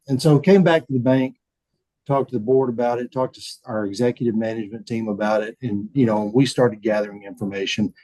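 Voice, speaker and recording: A man, a bank chief telling stories in a relaxed interview, folksy and often repeating words as he acts out quotes. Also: medium pitch, dry recording, rough recording. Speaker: bank CEO, podcast guest. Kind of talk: casual storytelling interview.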